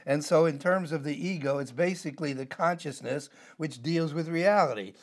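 An older man teaches a Bible passage verse by verse, unpacking it word by word and drifting into side topics, with frequent "uh" fillers. His voice is a little high and his speed normal.

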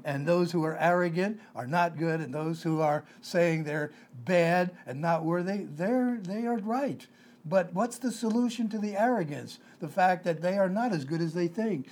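A man's voice: high voice, normal speed, a little mellow. A man preaching a conversational sermon, emphatic and repeating his key phrases.

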